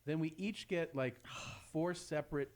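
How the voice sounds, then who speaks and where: A man's voice: on the high side, measured pace. A man co-hosting a podcast, telling a story in casual, profane chat. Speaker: podcast co-host.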